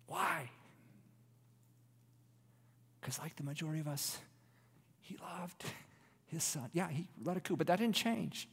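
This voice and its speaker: Male preacher, slightly high voice, dramatic shifts from loud to hushed, big reverberant sanctuary sound. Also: brisk, vocal fry, husky. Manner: expressive preaching, drops to a hushed near-whisper for emphasis. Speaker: pastor. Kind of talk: sermon.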